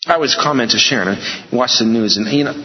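A man's voice: mid-range voice, fast. A man preaching a sermon, emphatic and repetitive, with joking asides. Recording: echoey hall, slightly dull sound.

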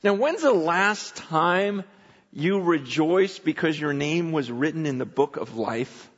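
A man preaching a sermon in a church, conversational and animated, often acting out voices from the text. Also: fairly high pitch, slow. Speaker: pastor. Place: church sanctuary. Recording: muffled hall recording with long reverb.

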